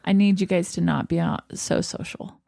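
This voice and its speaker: A woman's voice: on the low side, fairly even intonation, vocal fry, mellow, no echo, clean studio sound. Chatty young woman podcast host. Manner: chatty, reminiscing, quick asides. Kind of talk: casual chat.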